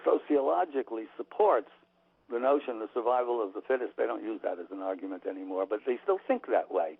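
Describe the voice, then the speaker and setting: A man's voice: lowish voice, fast, creaky, husky. A man being interviewed on the radio, talking emphatically and opinionatedly with frequent restarts, heard over a tinny phone line. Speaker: author and guest.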